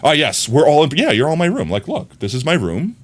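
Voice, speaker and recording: A man's voice: fairly high pitch, huge pitch swings, quick pace. A man live streaming from his own room, rambling casually and speaking straight to his chat.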